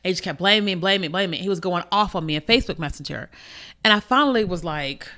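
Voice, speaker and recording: A woman's voice: lowish voice, rapid-fire, bright, forceful tone. A woman hosting a faith podcast, telling a personal story in an emotional, conversational way and repeating her phrases. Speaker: podcast host.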